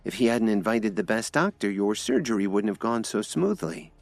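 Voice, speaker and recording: A man's voice: lowish voice, lively intonation, moderate pace, gravelly, no echo, faint music behind. Man voicing a worried young woman. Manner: pleading, anxious.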